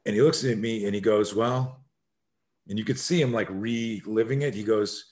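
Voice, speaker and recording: Middle-aged male self-defense coach, podcast guest; low voice, animated storyteller who acts out the people he quotes. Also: moderate pace. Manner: acts out quoted voices, swings loud and soft.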